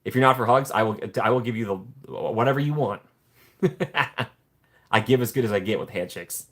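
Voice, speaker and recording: Casual male streamer reading chat, friendly, talkative, average pitch. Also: normal speed. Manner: friendly, chatty, addresses viewers by name; playful put-on excited voices when joking. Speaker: livestream host reading chat.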